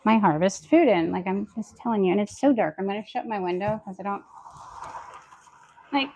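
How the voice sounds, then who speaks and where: Casual at-home vlogger, a woman chatting through chores, talking to herself and viewers, voice with some fry. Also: medium pitch, a little fast, mellow, a little hiss or hum. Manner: chatty, talks aloud to herself and viewers while working. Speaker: homestead lifestyle vlogger. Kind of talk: casual chat to camera while doing chores. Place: at home, indoors.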